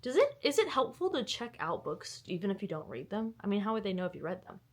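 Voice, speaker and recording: A young woman with a medium-pitched, sing-song voice talks fast as she chats casually to camera from home. She's a book vlogger, giggling and rambling her way through talk about books.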